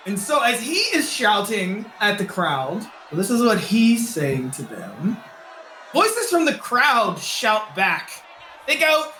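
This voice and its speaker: A man's voice: high-pitched, big pitch swings, slow pace, bright, forceful tone, reverberant, slight background noise. A man narrating as game master of a tabletop game, with dramatic descriptive narration.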